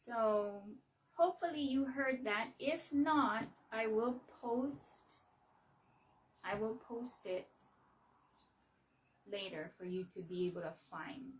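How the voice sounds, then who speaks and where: A woman from Hawaii talking on a casual livestream, slow and halting, with many fillers and restarts. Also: a little high, recorded from a distance, low-quality recording. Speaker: livestream host. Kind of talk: casual explanatory livestream talk.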